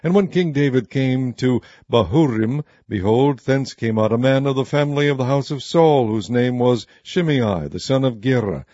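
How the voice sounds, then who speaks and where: A man giving a steady, measured scripted reading of scripture as narrator. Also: medium pitch, no room sound, dull audio.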